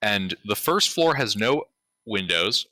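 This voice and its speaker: A man's voice: lowish voice, big pitch swings, takes it slowly, pushed and bright, dry recording, poor audio. A man playing a tabletop game on a live stream, blunt and joking. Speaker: player.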